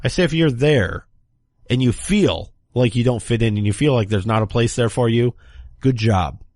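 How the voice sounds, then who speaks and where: On his political commentary show, this male host drips sarcasm, ridiculing opponents through mock quotations. He has a mid-range, expressive, slightly mellow voice at a normal speed, recorded dry in a clean studio.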